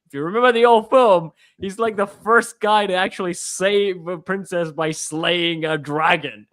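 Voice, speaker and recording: Casual geek chat guy, slightly high voice, rambly, keeps laughing. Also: normal speed. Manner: animated, rambling, laughs often. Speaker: podcast co-host.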